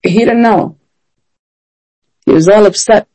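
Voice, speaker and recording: A woman preaches in an earnest, emphatic manner and keeps pressing her listeners with rhetorical questions. Her voice is warm and mellow, at an everyday pitch for a woman. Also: a little slow, poor audio. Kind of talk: sermon.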